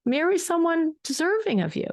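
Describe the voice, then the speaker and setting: A woman's voice: very high voice, sing-song, normal speed, pitched above the performer's own voice, exaggerated voice. A woman voicing a humble middle-aged shepherd, doubtful of himself, in her own speaking voice.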